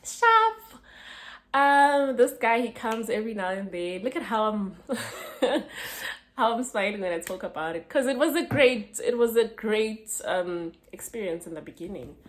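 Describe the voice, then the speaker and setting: A woman's voice: medium pitch, normal speed. A young South African woman telling a personal story to camera in a chatty, slangy way, laughing as she goes. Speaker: vlogger. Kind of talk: casual storytime.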